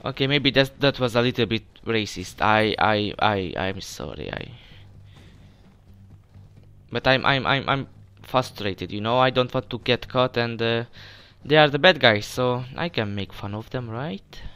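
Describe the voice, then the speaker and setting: A man's voice: mid-range voice, animated, measured pace, a bit bright, smooth. Jumpy young man swearing through gameplay. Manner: jumpy, swears often, stammers when startled. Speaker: let's play gamer. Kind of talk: casual gameplay commentary.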